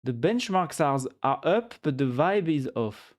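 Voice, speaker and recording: A man's voice: a little high, sing-song, unhurried. A man livestreaming, chatting casually with viewers, rambling and repeating words while he searches for them, reading chat aloud and joking along. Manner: reads chat aloud and jokes with it.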